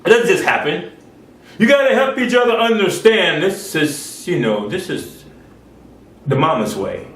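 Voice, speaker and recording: A man preaching with a high, lively voice that leaps up and drops low as he presses his points, folksy and emphatic. He breaks into loud outbursts, then falls to quiet asides. The sound is roomy and echoey, caught from a mic some distance away. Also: a little slow. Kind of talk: sermon.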